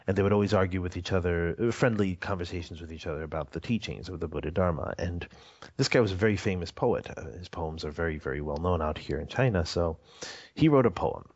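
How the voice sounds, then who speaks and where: A man's voice: low-pitched, quick pace, a little mellow. A man telling a story as a radio interview guest, rambling with fillers and frequent chuckles. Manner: rambling, many fillers and restarts, chuckles often. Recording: dull lo-fi audio.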